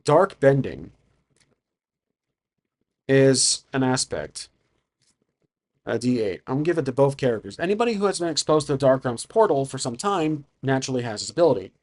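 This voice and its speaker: Brief: male solo-RPG narrator, mid-pitched, improvising and musing over rules. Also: big pitch swings, normal speed, long pauses, a little mellow. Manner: improvising, thinking aloud about rules. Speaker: solo game player and narrator. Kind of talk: narrating a solo tabletop game.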